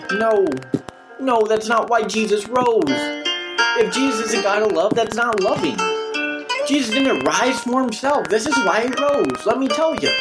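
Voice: medium pitch, animated, normal speed, over loud music, low-quality recording. A preacher giving an emphatic, repetitive sermon in a casual, slangy way.

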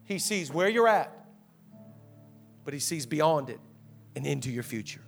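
High-voiced pastor preaching with fervor. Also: male voice, unhurried, gravelly, faint music behind. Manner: animated storytelling, rousing the church with call-outs. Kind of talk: energetic sermon. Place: church auditorium.

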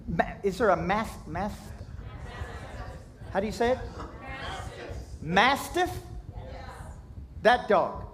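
A man's voice: very high voice, a little hiss or hum. A man from Kentucky, preaching a sermon in a folksy, jokey storytelling way, acting out sound effects. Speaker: pastor.

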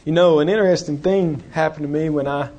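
High-voiced earnest preacher. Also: male voice, steady tone, brisk, dark tone, slight background noise. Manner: earnest, exhorting, builds to a rising list of titles. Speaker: pastor. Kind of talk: sermon.

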